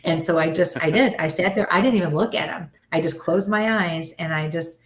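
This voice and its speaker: Lively middle-aged woman storyteller, roomy sound. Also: on the low side, fairly quick, hardly any pauses. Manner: animated storyteller, acts out quoted voices. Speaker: guest. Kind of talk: casual chat. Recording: roomy echo.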